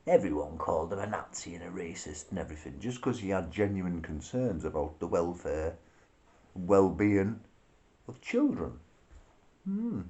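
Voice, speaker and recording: A man's voice: low voice, darkish tone, lo-fi sound. A man delivering a profane, sarcastic rant to camera, laughing between his remarks. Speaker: political vlogger. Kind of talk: ranting monologue.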